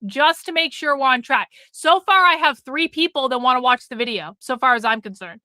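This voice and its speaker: Bright-voiced, blunt woman streamer. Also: sits high, fairly quick, no room sound. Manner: profane, blunt, nags the chat. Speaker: live-stream host. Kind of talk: casual live-stream chat with viewers.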